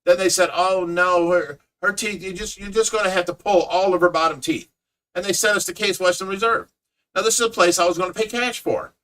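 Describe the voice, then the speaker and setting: A middle-aged man with an Ohio accent tells a rambling story in casual livestream chat, acting out other people's lines as he goes. His voice sits a little high and sounds bright and forceful. He is caught from some distance by the mic. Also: steady tone, brisk. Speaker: fish rescue owner and caregiver. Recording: voice picked up from a distance.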